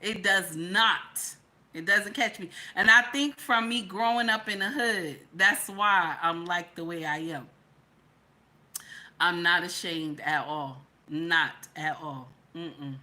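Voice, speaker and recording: A middle-aged woman hosts a commentary channel, preaching to viewers and repeating her points, going from loud to hushed. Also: lowish voice, slow pace.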